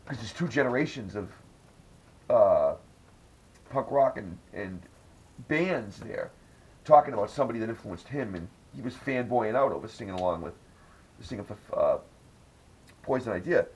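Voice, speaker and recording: A man's voice: mid-range voice, lively intonation, moderate pace, pauses often, a little mellow, slightly rough, low-quality recording. A man hosting a podcast, telling rambling, profane stories in casual chat. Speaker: podcast host.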